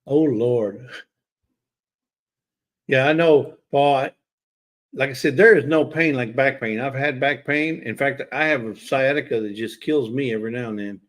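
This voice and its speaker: A man's voice: mid-range voice, normal speed, a bit bright. Chatty man hosting a livestream. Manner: chatty, teasing, talks straight to chat viewers. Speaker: livestream host. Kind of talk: casual livestream chat.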